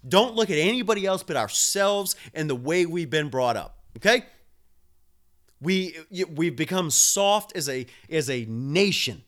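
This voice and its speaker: A man's voice: fairly high pitch, lively intonation, measured pace, fairly bright tone. A man hosting a live stream, ranting with heavy swearing while drinking a beer and answering viewers. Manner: profane, fired-up ranting, talks to viewers.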